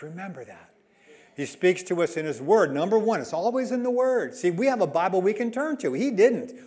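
A man preaching a sermon as a pastor, emphatic, swinging between loud and soft delivery. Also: on the high side.

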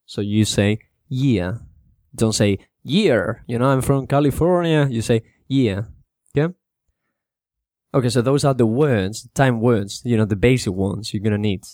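A man with a fairly low voice teaches basic English vocabulary in a loose, chatty way. He slows down to model each word's pronunciation for Spanish-speaking learners. The sound is dry and close. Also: dry recording. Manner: relaxed, repeats words slowly to model pronunciation, mixes in Spanish. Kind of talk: casual spoken lesson for Spanish speakers.

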